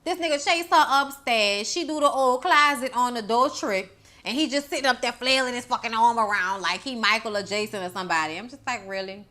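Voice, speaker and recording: A young woman with a bright, ringing voice pitched slightly high in her range reviews a horror movie, recapping it in casual chat at a fairly quick pace. She's sassy and profane, scolding the characters as though they could hear her.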